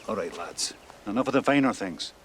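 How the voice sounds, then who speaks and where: An actor playing a clan elder giving brisk orders in a period film, with a Scottish accent. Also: male voice, lowish voice, expressive, slight background noise, close to an everyday voice.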